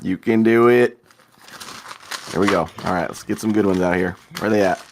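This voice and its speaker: A man's voice: on the low side, steady tone, brisk, noisy background. A man playing a tabletop game, muttering to himself as he rolls dice. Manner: talks to himself while rolling dice. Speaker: player. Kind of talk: casual tabletop game talk.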